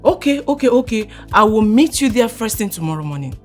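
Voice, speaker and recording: An actress playing an emotional parent who moves between whispered relief and pleading. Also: female voice, a little high, very animated, fairly quick, soft background music. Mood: relieved. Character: parent longing for a lost daughter, emotional.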